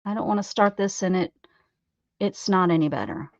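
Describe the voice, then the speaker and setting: A woman's voice: lowish voice, normal speed, dry recording, muffled recording. A woman hosting a casual art livestream from her craft table at home, chatting with viewers and greeting them by name.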